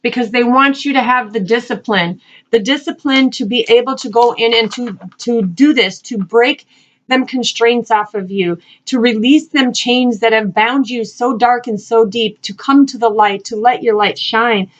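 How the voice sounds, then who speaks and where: Higher-voiced woman doing a spiritual card reading, earnest and repetitive, muffled lo-fi sound. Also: normal speed. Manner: earnest, repetitive, encouraging, asks spirit questions aloud. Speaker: spiritual reader and channel host.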